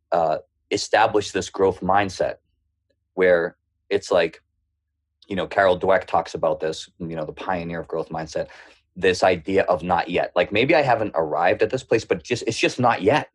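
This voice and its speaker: A man with a thick Boston accent, a podcast guest telling lively stories and acting out the voices of people in them. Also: low-pitched, husky. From Boston area. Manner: lively, acts out quoted voices in his stories. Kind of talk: storytelling interview.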